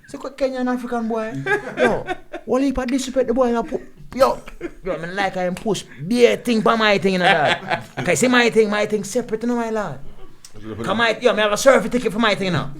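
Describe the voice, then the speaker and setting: A man's voice: high-pitched, fast talker, voice pushed up. A man voicing a brash, swaggering young rude-boy character in a put-on Jamaican patois, rowdy and laughing. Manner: rowdy, repeats "yo", laughing through lines. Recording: room with loud chatter behind.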